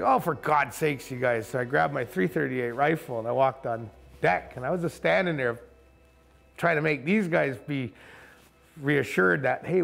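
A man's voice: mid-range voice, vocal fry, fairly bright tone. A man, a camp owner, vividly recounting an encounter outdoors and acting out the voices in his story. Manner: vivid storyteller who acts out quoted speech. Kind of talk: animated storytelling interview. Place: outdoors in a forested coastal camp.

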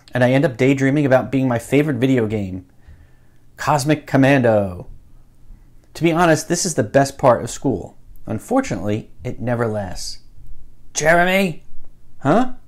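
A man, the book's author, reading his graphic novel aloud in an expressive, comic way. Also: medium pitch. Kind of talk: animated read-aloud narration.

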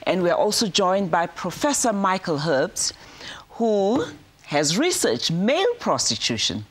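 A woman hosting a studio talk show, brisk and lively as she interviews guests. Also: lowish voice, slightly rough.

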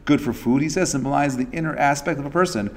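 A man's voice: mid-range voice, quick pace, slight background noise. Chatty man teaching a class. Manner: chatty, many fillers and restarts, acts out quotes. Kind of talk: casual interactive class talk.

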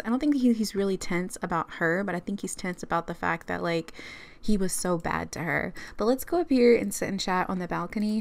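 A young woman narrating a life-sim game story in a chatty way, full of fillers. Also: mid-range voice. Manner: chatty, uses lots of fillers, laughs often. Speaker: gaming youtuber.

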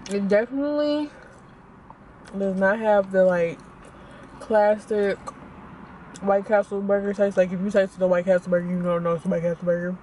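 A woman's voice: mid-range voice, moderate pace, long pauses. Chatty young woman vlogging in a noisy car. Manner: chatty, animated, talks to viewers as y'all. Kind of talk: casual food review vlog.

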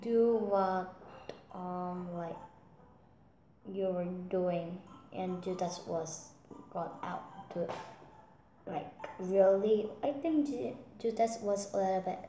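A young female reader telling a Bible story aloud, pausing to explain in her own words with fillers and self-corrections. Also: medium pitch, warm tone, slight background noise. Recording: echoey room with faint music.

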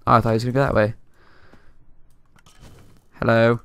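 A young man talks over his game at his desk, playful and quick to laugh as he teases the players he fights. His voice is bright and smooth, swinging up and down in pitch. The sound is dry and close, with no room around it. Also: huge pitch swings, no room sound. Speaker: gameplay commentator. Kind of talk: casual gameplay commentary. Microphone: desk mic.

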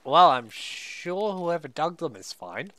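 A man's voice: fairly high pitch, big pitch swings, slow pace, sharp tone. An Australian man in casual gameplay commentary, swearing, joking and chatting with his viewers. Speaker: streamer.

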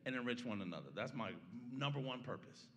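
A fast-talking male pastor with a medium-pitched, fairly bright voice and lively intonation gives a sermon in a church sanctuary, where a long reverb tail trails his words. He preaches conversationally, keeps asking the congregation "right?", and opens in prayer before teaching the Bible passage.

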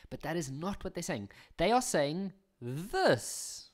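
A man's voice: a little high, sing-song, slow. A young South African man talking through maths exam questions in a chatty way, with jokey, self-mocking asides. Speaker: maths teacher. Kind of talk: casual maths exam walkthrough.

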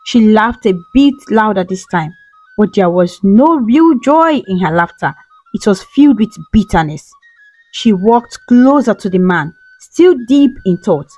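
A woman's voice: medium pitch, lively intonation, measured pace, dark tone, no echo, soft background music, poor audio. A woman telling a folktale in scripted, dramatic storytelling narration.

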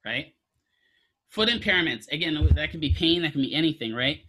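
A man's voice: fairly high pitch, animated, moderate pace, pushed and bright, a little hiss or hum. A man teaching a physical therapy class, lecturing casually, quizzing students and throwing in jokes. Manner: asks students questions, casual joking asides.

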